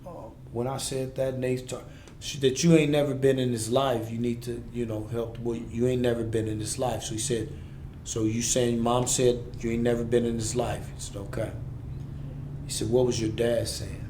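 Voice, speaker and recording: A man's voice: medium pitch, little pitch movement, moderate pace, dark tone, slight background noise. A man in his forties, a podcast guest, telling a raw, intense personal story in blunt street-inflected speech. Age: 40s. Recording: echoey room.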